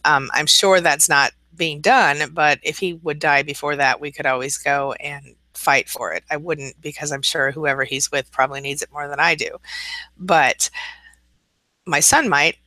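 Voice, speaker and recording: A woman's voice: deep voice, steady tone, normal speed, bright, forceful tone, no echo, rough recording. A woman in her forties, a coach hosting a casual live-stream chat, who rambles as she reads viewer comments aloud and answers them.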